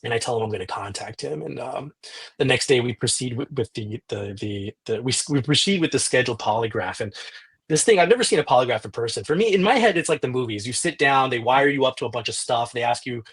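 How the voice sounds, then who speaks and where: Husky guy on a podcast recounting a story, lots of restarts, acts out the dialogue. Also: medium pitch, fast. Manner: animated retelling with frequent restarts and quoted dialogue. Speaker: podcast guest, journalist.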